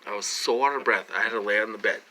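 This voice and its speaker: Talking fast in a fairly low, pushed and bright voice, a vlogger addresses viewers directly from his own room. His casual monologue rambles and repeats, thick with fillers, and there's slight background noise.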